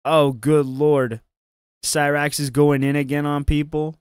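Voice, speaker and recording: A man's voice: on the high side, level tone, measured pace, smooth, no room sound, clean studio sound. A man hosting a casual stream, chatting in a laid-back, profane way and laughing often. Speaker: stream host. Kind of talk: casual commentary chat.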